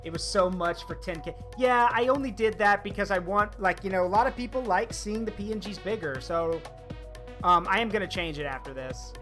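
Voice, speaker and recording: A man's voice: high voice, brisk. Chatty man streaming a game over music. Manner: chatty, rambling, animated teasing. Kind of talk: casual gaming stream chat.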